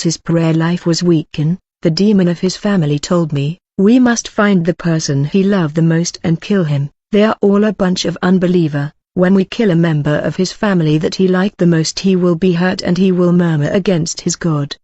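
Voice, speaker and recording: A woman giving a scripted narration of a religious testimony, in an even, read-aloud way with broken grammar. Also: on the low side, no echo. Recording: dull lo-fi recording.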